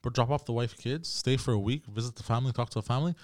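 A man's voice: medium pitch, rapid-fire, no echo, studio quality. A man hosting a casual podcast chat, brash and profane, saying "bro" constantly. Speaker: podcast host.

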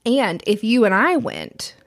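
A woman's voice: a little high, huge pitch swings, unhurried. Playful teasing woman in her twenties. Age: 20s. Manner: playful teasing, laughs often. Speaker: podcast co-host. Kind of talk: casual chat.

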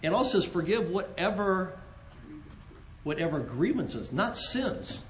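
Brief: high-pitched man, earnest Christian marriage talk with jokes, roomy echo. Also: measured pace, slight background noise. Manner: earnest and animated, joking, with repeated restarts. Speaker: co-host, married couple ministry.

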